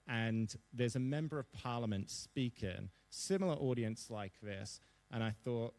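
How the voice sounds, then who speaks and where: A man in his thirties with an Australian accent, speaking as a guest at a seminar. He tells anecdotes in a brisk, animated way, pokes fun at himself, and drops in quick asides. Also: mid-range voice. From Perth, Western Australia. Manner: lively anecdotal storytelling, self-deprecating, quick asides. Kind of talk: storytelling interview on a seminar stage. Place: seminar hall before an audience.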